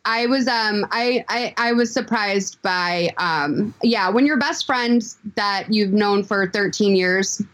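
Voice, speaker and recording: A woman's voice: mid-range voice, takes it slowly, hardly any pauses, fairly bright tone. A woman chatting as a podcast guest. She talks hesitantly, with many fillers and frequent "like". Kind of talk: casual chat.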